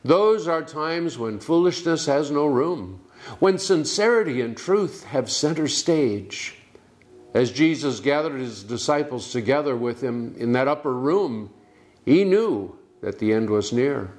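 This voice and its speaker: A man preaching a sermon, with slow, deliberate delivery, dramatic pauses and emphatic words. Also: mid-range voice, lively intonation, darkish tone.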